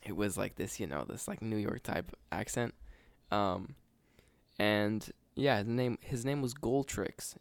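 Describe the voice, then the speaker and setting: A man with a lowish, gravelly voice rambles through a casual podcast story, slangy and full of hesitant starts. The sound is close and dry. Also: measured pace, no room sound. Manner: laid-back, slangy, hesitant. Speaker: podcast co-host. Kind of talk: casual chat.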